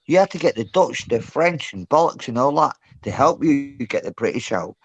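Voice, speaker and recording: A man's voice: medium pitch, expressive, normal speed, breathy edge, no echo. A man with a put-on Scottish accent in a heated voice chat argument, brash and rambling and swearing constantly. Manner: brash, swearing, rambling, says mate and lad. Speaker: guest in a voice chat.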